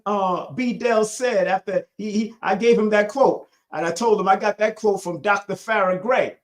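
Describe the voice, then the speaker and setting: A man teaching a live-streamed spiritual lesson in a preachy, emphatic way. His pitch leaps between high bursts and low murmurs, and his loudness rises and falls with it. He repeats key lines slowly to drive them home. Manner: swings between loud high bursts and low quiet asides.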